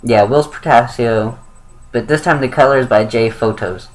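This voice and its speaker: A man's voice: mid-range voice, normal speed, poor audio. A young man giving a casual, rambling spoken review of a comic book, with lots of fillers and self-corrections.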